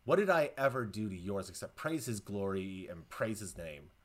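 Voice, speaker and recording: A man reciting a grieving male president's bitter tirade against God, speaking low and accusingly. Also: animated, moderate pace.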